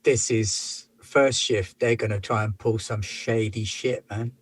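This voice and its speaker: A man in a tabletop role-play, speaking in character as a gruff space hauler full of slang. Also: on the low side, fairly even intonation, unhurried. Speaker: player.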